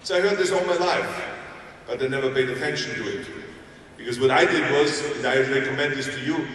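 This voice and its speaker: A man's voice: mid-range voice, a little fast, fairly bright tone, a little hiss or hum. A man in his sixties with an Austrian German accent gives a motivational keynote in a large arena, telling his story emphatically with humorous asides. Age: 60s. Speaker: motivational speaker. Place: large indoor sports arena. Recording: echoey arena sound from far off.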